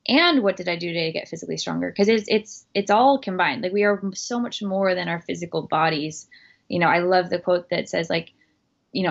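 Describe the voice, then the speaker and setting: A woman's voice: lowish voice, a little fast, vocal fry. A woman chatting as a podcast guest, earnest and emphatic, with lots of fillers and restarts. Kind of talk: casual interview talk. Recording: dull lo-fi recording.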